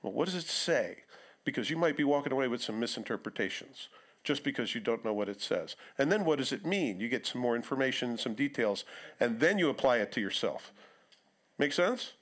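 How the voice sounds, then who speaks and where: A man's voice: mid-range voice, expressive, a little fast, a bit bright. A middle-aged male pastor giving a sermon in church, talking in a conversational way and acting out quotes in other voices.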